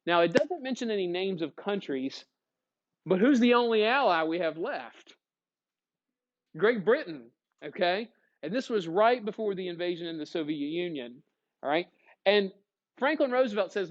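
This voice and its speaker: A man teaching a history lesson to a class, lively and questioning, often checking in with his students. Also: high-pitched, normal speed, dull audio. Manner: energetic, asks questions to the class. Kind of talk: classroom lecture.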